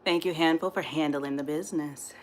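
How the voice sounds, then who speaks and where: A woman's voice: low voice, fairly quick, slight background noise. A woman fitness instructor, coaching a live workout with whoops and encouragement. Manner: energetic, whooping, encouraging, says "y'all".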